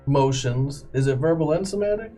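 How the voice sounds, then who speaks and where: A man serving as game master in a tabletop game, narrating violent scenes in slow, graphic detail. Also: on the high side, lively intonation, mellow, soft background music.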